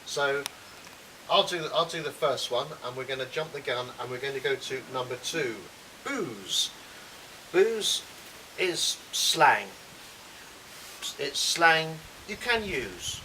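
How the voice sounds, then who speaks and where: Male teacher, clear slow explainer, bright tone, mic set back with hiss. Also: medium pitch, animated. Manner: friendly, explains slowly and repeats words. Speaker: English teacher, co-host. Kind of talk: casual language lesson. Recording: hissy recording from a distance.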